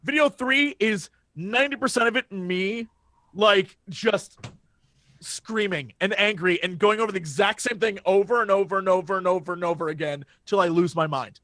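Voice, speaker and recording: A man in casual podcast chat, his voice sitting high for a man as he tells a story. He gets worked up and swears often. The sound is dry and close, with no room echo. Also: moderate pace. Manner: excitable storyteller, swears freely. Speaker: podcast co-host.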